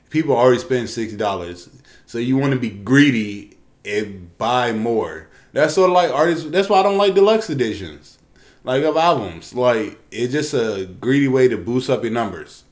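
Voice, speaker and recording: A man talking in a loose, profane rant full of slang and fillers. His voice sits at an ordinary middle pitch, neither deep nor high, and he keeps circling back to his complaint. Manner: profane, animated ranting with slangy asides. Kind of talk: casual ranting chat.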